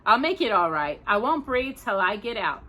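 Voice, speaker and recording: A woman reading aloud as a steady, cautious pioneer father, firm and earnest. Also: medium pitch, normal speed. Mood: urgent. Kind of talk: reading aloud a children's novel.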